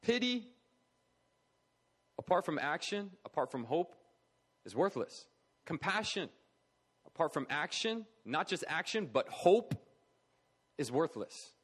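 A man's voice: on the high side, big pitch swings, takes it slowly, pauses often, a bit bright, slightly rough. A man preaching a sermon in an earnest, conversational way, with fillers and restarts. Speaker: preacher for an orphan charity.

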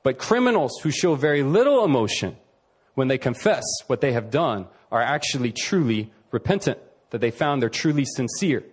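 Male preacher, husky voice, swinging pitch, emphatic sermon delivery with slowed key phrases. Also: very animated.

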